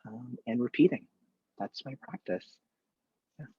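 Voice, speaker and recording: A man talking as a therapist in a live online conversation, candid and animated, acting out examples from his work. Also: medium pitch, unhurried, slightly rough, no room sound, muffled recording.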